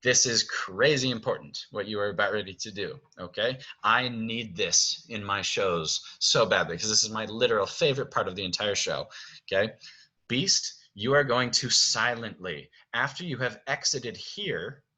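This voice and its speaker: A man's voice: fairly low pitch, moderate pace, sharp tone, slightly rough, poor audio. A man directing actors from home, explaining stage blocking in a chatty way, often checking in with "okay?". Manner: chatty, keeps checking with "okay?", sings music cues. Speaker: theater director.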